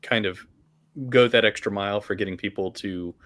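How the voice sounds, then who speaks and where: A man on a podcast calmly explaining updates for his story website, with frequent fillers. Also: on the low side, normal speed. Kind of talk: casual chat.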